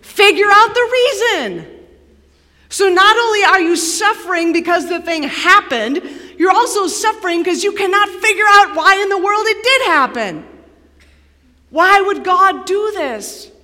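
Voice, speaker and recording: A woman pastor preaching a sermon in a church sanctuary, dramatic and dropping to a near hush for emphasis. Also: very high-pitched, animated, normal speed. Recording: long reverb of a large hall.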